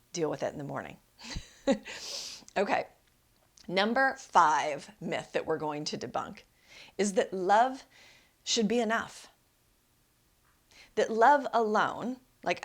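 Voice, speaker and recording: Emphatic woman life coach, slightly low voice. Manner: storytelling, emphatic and conversational, asks "right?". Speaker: life coach and podcast host. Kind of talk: solo podcast talk.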